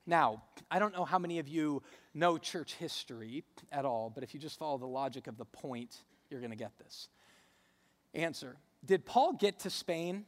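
A man in his thirties delivers a sermon in a relaxed, storytelling way, building emphasis on his main points. His voice sits a little higher than most men's. The sound carries a long reverb, as in a large church. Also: moderate pace. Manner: conversational, storytelling, rising emphasis on key points. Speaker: pastor.

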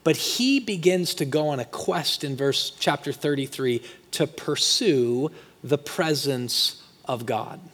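A man preaching a sermon as pastor, talking conversationally and swinging from quiet asides to loud, emphatic peaks. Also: a little high, takes it slowly. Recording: long hall reverb.

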